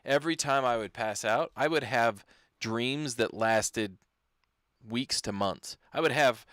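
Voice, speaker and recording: A man co-hosting a comedy podcast, talking in a halting way with many restarts. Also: medium pitch, a bit bright, no echo, clean studio sound. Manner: halting, hesitant, full of restarts. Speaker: podcast co-host. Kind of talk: casual comedy chat.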